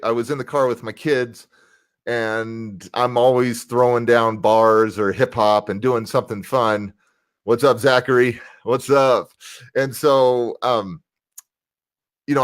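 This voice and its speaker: A man's voice: medium pitch, no room sound. A man from the United States, a motivational speaker and rapper, talking as a guest on a casual livestream interview over a video call. He stays upbeat and keeps greeting live viewers by name while he talks.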